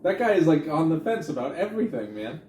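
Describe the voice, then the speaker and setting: A man's voice: on the high side, very animated, fast, warm tone. A man co-hosting a casual movie podcast, talking in a wry, sarcastic way and laughing often. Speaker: podcast co-host. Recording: echoey room, faint noise.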